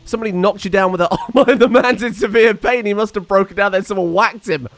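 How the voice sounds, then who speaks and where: A young man giving excitable, sarcastic let's-play commentary and laughing often. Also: sits high, fast talker, no room sound, faint music behind. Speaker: gaming channel host.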